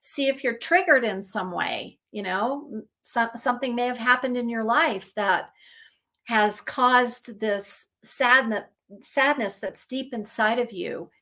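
A woman speaks with a slightly raised pitch in an easygoing podcast conversation. She is earnest and reflective, and she circles back over her own phrases to stress them. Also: slow pace, bright, forceful tone. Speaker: emotions advocate. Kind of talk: casual podcast chat.

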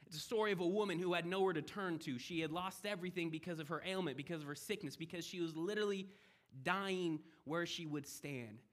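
High-voiced young preacher, animated delivery. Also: male voice. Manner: animated, acts out quoted voices, swings between loud and hushed. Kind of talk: sermon.

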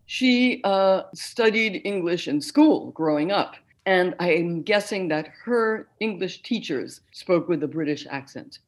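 An older woman, a concert narrator, speaking clearly and deliberately as an interview guest. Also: lowish voice, animated. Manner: clear, deliberate, articulate speech. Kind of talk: interview conversation.

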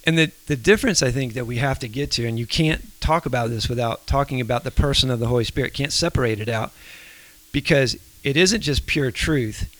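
A man's voice: medium pitch, fairly quick, fairly bright tone, poor audio. A man co-hosting a casual faith discussion, thinking aloud and explaining his points with everyday examples. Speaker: podcast co-host.

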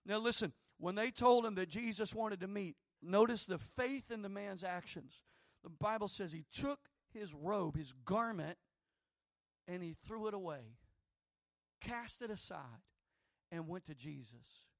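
A man preaching a sermon with fervor, swinging between shouting and hushed tones. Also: high-pitched, lively intonation, measured pace, no room sound, studio quality.

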